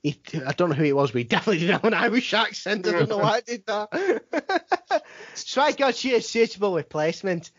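A man's voice: high voice, big pitch swings, fairly quick, a bit bright, slightly rough, dry recording. A man, co-hosting a podcast from home in casual, sweary, rambling banter. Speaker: wrestling podcast co-host. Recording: lo-fi dry home mic.

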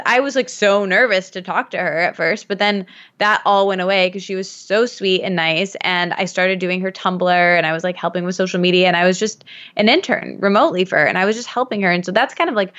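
Brisk and a bit bright, her mid-range voice belongs to a chatty Michigan woman in her thirties guesting on a casual podcast. She rambles through stories with many fillers, and the sound comes across slightly muffled.

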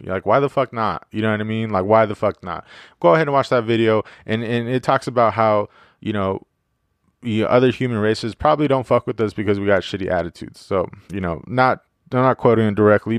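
A man with a fairly low, smooth and resonant voice talks through a casual solo podcast episode. He rambles, swears freely and jokes, padding his sentences with fillers. The sound is close and dry. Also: fairly quick, dry recording. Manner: rambling, profane, joking, many fillers. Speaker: podcast host.

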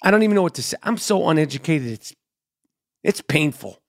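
A man's voice: on the high side, expressive, fairly quick, gravelly. A middle-aged man, ranting in a crude, rambling comedy monologue full of repetition and swearing.

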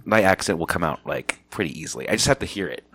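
A man's voice: low voice, animated, fast talker, a bit bright, a little hiss or hum. A man from New Mexico chatting casually as a podcast co-host, sometimes swearing and trailing off mid-thought. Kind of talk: casual chat.

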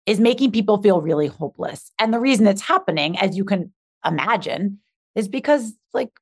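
A woman's voice: mid-range voice, a little fast, slightly rough. Emphatic woman coaching on a podcast. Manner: energetic, emphatic, repeats key words. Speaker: podcast guest, accountability coach. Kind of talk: podcast interview.

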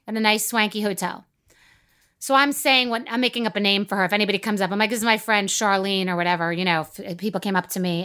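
A woman's voice: medium pitch, bright, forceful tone. A woman hosting a podcast, telling a brash, profane story before she interviews a guest. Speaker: podcast host.

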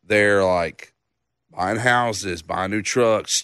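A man in his thirties, a songwriter guest, spinning a laid-back story and laughing his way through it. His voice sits on the low side, and it is recorded dry and close with no room sound. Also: slow, a bit bright, clear, resonant tone, no echo. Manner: laughing, loose storyteller, says man and dude. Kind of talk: casual storytelling on a podcast.

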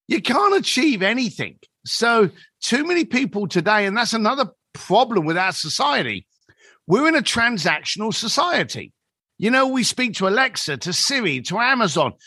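Man in his 50s telling coaching stories, high bright voice, really lively, dry close mic. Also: breathy edge, no room sound. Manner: animated, acts out quoted dialogue. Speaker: guest, business coach. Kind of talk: conversational storytelling.

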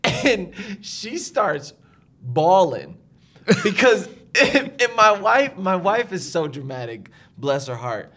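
Speaking slowly in a high-pitched voice, a young podcast co-host shares a family story during casual conversation. He's an animated storyteller who laughs a lot and performs other people's lines, his wife's among them.

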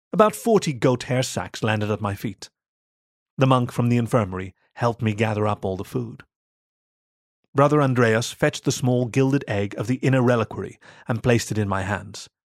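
A man narrating a first-person story for a podcast in a measured, expressive storytelling voice. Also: medium pitch, no echo, clean studio sound.

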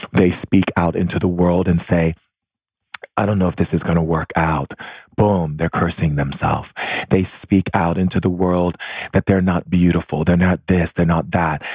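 A man's voice: low-pitched, a little mellow, slightly rough, no room sound. A man giving an impassioned spiritual talk, repeating himself and addressing his listeners as family. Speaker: spiritual teacher.

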